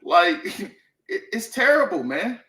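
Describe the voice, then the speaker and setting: A man's voice: high-pitched, big pitch swings, takes it slowly, sharp tone, roomy sound, a little hiss or hum, rough recording. A man co-hosting a casual sports talk show, blunt and profane, leaning on "man" and "you know what I mean.". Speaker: sports podcast co-host.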